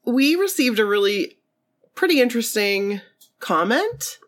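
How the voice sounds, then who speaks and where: A woman's voice: on the high side, big pitch swings, a little slow, a bit bright. A woman co-hosting a podcast in casual chat, laughing easily and exclaiming, before she reads out a story. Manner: laughs easily, exclaims, shrieks when amused. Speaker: podcast co-host.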